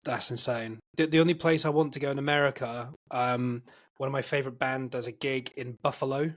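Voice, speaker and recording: A man's voice: medium pitch, fairly even intonation, a little fast. A man co-hosting a podcast in casual chat, making blunt, wry remarks. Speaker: podcast co-host.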